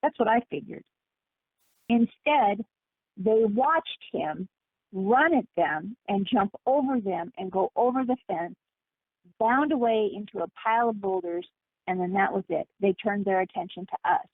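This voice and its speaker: A woman guest on a call-in talk show, telling her story in an animated, emphatic way over the phone. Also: mid-range voice, measured pace, no echo. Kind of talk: casual phone interview. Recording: tinny phone line.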